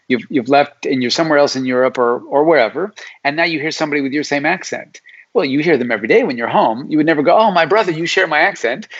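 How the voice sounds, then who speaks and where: In dull, lo-fi audio, a middle-aged psychology professor from Alaska, USA, speaks with a medium-pitched, fairly bright voice as a casual interview guest. He lays out his ideas in an explanatory way and acts out imagined people's quoted lines.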